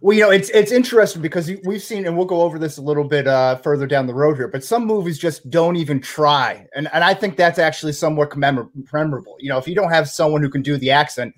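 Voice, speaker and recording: Guy hosting a podcast, jokey and easygoing, voice a bit high. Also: quick pace, hardly any pauses. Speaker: podcast host. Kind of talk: casual podcast chat.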